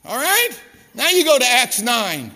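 A man preaching a sermon as pastor, emphatic and quizzing the room, sometimes dropping to a hushed storytelling tone, in a hall with long reverb. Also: very high voice, wildly swooping pitch, measured pace.

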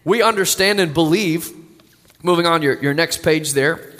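A man's voice: on the high side, moderate pace, fairly bright tone. A young adult male pastor preaching a sermon, earnest and building to emphatic declarations. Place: church sanctuary. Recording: long reverb of a church hall.

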